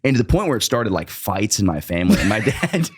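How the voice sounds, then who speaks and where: A man's voice: lowish voice, sing-song, fast, breathy edge. A young man, a guest comedian, telling a long story in casual podcast chat, loose and profane, with lots of filler words.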